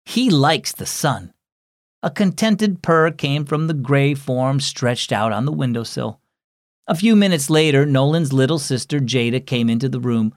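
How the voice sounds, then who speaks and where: A man's voice: mid-range voice, moderate pace, no room sound, clean studio sound. A man hosting and narrating a children's Christian devotional, reading the story in a friendly, storyteller manner.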